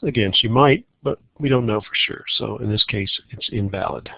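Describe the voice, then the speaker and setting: A man teaching a recorded math lesson on logic problems, walking through each problem in a relaxed way and thinking aloud. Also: lowish voice, normal speed, creaky, slightly rough, dull audio.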